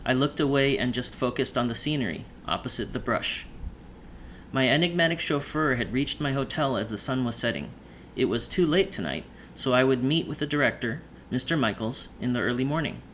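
Brief: male audiobook narrator, mid-pitched, measured storytelling. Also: animated, a bit bright, a little hiss or hum. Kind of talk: first-person audiobook narration.

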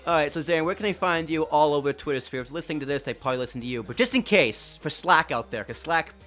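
A man co-hosting a loose wrestling podcast, with a voice that sits a little high. He jokes, swears freely and talks with plenty of animation. Faint music plays underneath. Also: animated, quick pace, a bit bright. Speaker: podcast founder and co-host. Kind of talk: casual podcast banter.

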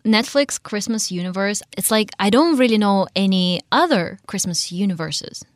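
A woman guest on a radio chat, talking in a playful, animated way and laughing often. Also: medium pitch, moderate pace, no room sound, studio quality.

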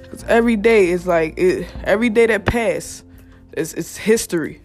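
A podcast host giving blunt, profane motivational straight talk, recorded alone at a quiet workplace late at night. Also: medium pitch, fairly quick, soft background music. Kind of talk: motivational casual monologue. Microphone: single mic.

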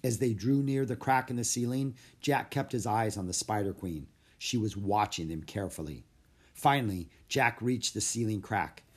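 A man narrating a children's storybook in a steady, measured reading voice. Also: on the low side, breathy edge. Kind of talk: storybook read-aloud narration.

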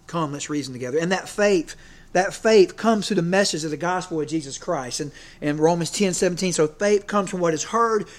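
A man's voice: on the high side, brisk. A man giving a casual, folksy sermon as a preacher and coach, rambling and checking in with his listeners.

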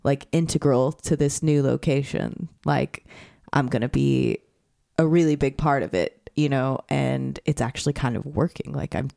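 Young woman podcast co-host, gravelly voice, rambling chat, dry close sound. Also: rumbling low, moderate pace, warm tone, dry recording. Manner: rambling, fills with "like". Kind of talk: casual chat.

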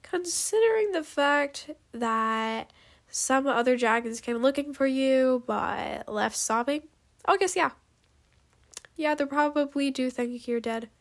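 A woman reading a story aloud, voicing a blunt, sarcastic human survivor with a sharp tongue. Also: high voice, slow. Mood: snappish.

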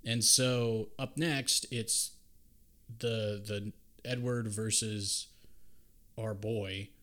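A man's voice: on the low side, steady tone, extremely slow, a bit bright. A young man co-hosting a podcast, recapping a film in casual, rambling chat full of swearing and jokes. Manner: profane, rambling, jokey. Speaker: podcast co-host.

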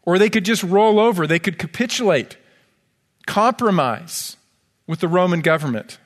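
A man's voice: sits high, expressive, normal speed, in a large hall. A man preaching a sermon as pastor, earnest and pleading, quoting scripture. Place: church sanctuary.

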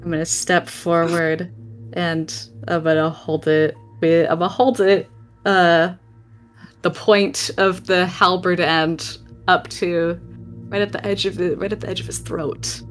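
A woman describes her character's moves in a tabletop game, pausing and hesitant. She talks slowly and a bit low. Faint music plays behind her. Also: flat delivery. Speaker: player.

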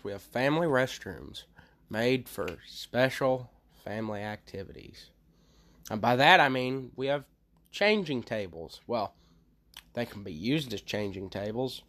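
A man co-hosting a podcast, talking loudly and cracking crude jokes in casual banter. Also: mid-range voice. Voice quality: loud, crude and joking. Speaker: podcast co-host.

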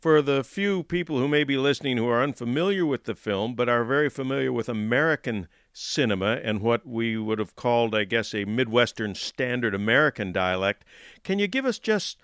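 Man asking measured interview questions. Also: mid-range voice, expressive, a bit bright, dry recording, clean studio sound.

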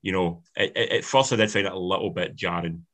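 Fast-talking man, low voice. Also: a bit bright. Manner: rambling, restarts sentences, opinionated. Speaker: film podcast co-host. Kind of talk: casual film review chat.

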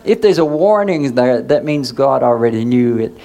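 A man's voice: mid-range voice, lively intonation, normal speed, warm tone. A male pastor preaching in a conversational way, asking the congregation questions and waiting for answers. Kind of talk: sermon.

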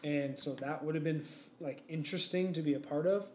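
A young man co-hosting a podcast talks a little fast in a darkish, slightly high voice, winding through a rambling story loaded with fillers. The casual chat was recorded in an echoey room with faint noise behind it.

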